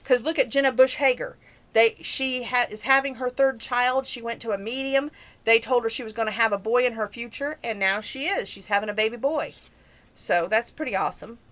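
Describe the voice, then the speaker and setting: A woman's voice: a little high, a little fast, a bit bright. A young woman answering viewer questions in a casual, opinionated chat that grows heated on some topics.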